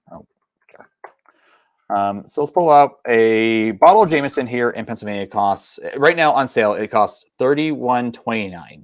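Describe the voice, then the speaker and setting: Young male streamer, lowish voice, loose rambling delivery full of fillers, dry close sound. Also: no echo. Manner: rambling, many ums and restarts. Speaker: whiskey channel host. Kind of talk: casual livestream chat.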